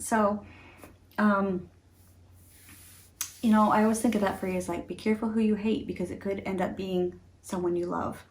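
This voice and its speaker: A woman's voice: medium pitch, fairly even intonation, moderate pace, pauses often, darkish tone. A middle-aged woman in a casual talk to camera, chatty and earnest, laughing often. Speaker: beauty vlogger.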